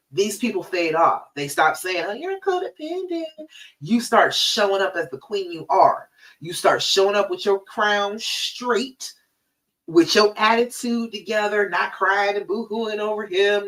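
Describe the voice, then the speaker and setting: A woman's voice: medium pitch, fairly bright tone, distant mic, rough recording. A woman relationship coach giving a live-streamed talk, emphatic and direct, repeating her key points.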